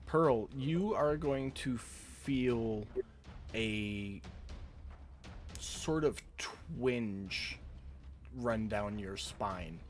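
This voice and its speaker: A man acting as game master, unhurried, describing scenes with pauses. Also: medium pitch, soft background music. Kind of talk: running a tabletop game.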